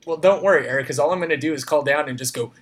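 A man's voice: on the high side, racing. A man co-hosting a podcast from a hotel room, chatting casually about wrestling and joking around. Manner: jokey, breaks into goofy impressions. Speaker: podcast co-host. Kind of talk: casual wrestling recap chat.

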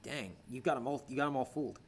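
A man co-hosting a podcast, recapping wrestling in casual chat, enthusiastic, swears a lot, teases his co-host. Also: mid-range voice. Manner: enthusiastic, profane, quick to tease.

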